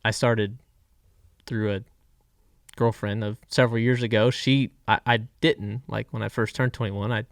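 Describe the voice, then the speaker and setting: A man in his thirties from Florida, a guest driver telling stories in a relaxed, candid way with frequent trailing pauses. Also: lowish voice, no echo, studio quality. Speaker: guest race car driver. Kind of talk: casual storytelling.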